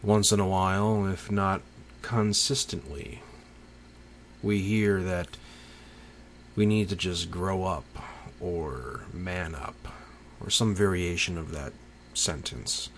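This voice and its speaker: Male, very low voice, unhurried reflective monologue, faint crickets behind. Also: steady tone, fairly bright tone, a little hiss or hum. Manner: slow, pensive, with long pauses.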